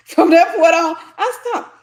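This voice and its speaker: An American woman hosting a candid Christian teaching talk, telling a humorous personal story in an animated, confessional way. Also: extremely high pitch, slow pace. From United States.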